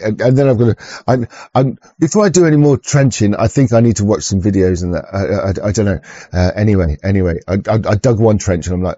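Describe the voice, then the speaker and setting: A man's voice: fairly low pitch, brisk, mellow, no room sound. A man hosting an online show, talking in a crude, rambling way, swearing often and stumbling over restarts. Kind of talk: rambling casual monologue. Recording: dull lo-fi recording.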